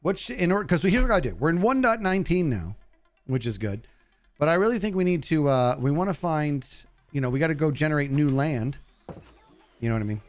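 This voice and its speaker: Talking a little fast over soft background music, a man streams a game and jokes around with his audience. He speaks directly to chat, his voice shooting up when something thrills him, in classic live gameplay commentary.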